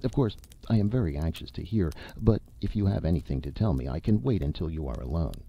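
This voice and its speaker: A man reading aloud, voicing a polite, persistent male ghost of an uncle who talks in a calm, reasoning way. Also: a bass voice, brisk, vocal fry, slight background noise, heavily acted. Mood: coaxing. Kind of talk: audiobook reading.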